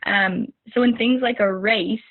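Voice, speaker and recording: Husky young woman on a tinny call. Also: medium pitch, a little slow. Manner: rambling, many fillers and restarts. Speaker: team leader giving a motivational talk. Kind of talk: informal motivational talk on a video call. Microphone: video call. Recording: narrow phone-like video call audio.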